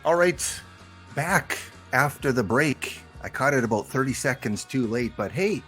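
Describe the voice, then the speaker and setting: A man hosts a live game stream, talking at an unhurried pace in an ordinary middle register. He chats and jokes with his viewers as he goes. Soft music sits faintly behind him. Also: medium pitch, animated. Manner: chatty, joking, talks to viewers. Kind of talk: casual live-stream chat.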